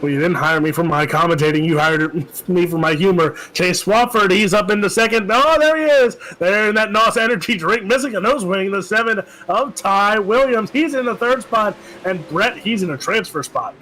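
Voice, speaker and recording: High-voiced man calling a sim race. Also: sharp tone, poor audio. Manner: joking, quick play-by-play calls. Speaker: race commentator. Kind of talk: sim racing play-by-play commentary.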